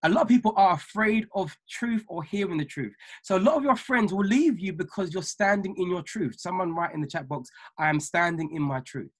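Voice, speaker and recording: A man with a husky, slightly breathy voice preaches over a video call. He speaks emphatically as a minister and mentor, repeating key lines slowly so listeners can take notes. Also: high voice. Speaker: ordained minister and trading mentor. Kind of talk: motivational talk on a weekly call.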